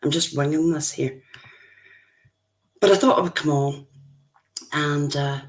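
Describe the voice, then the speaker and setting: Chatty woman in her fifties hosting a relaxed livestream, lowish voice, unhurried. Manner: chatty, greets viewers by name. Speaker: livestream host. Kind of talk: casual livestream chat.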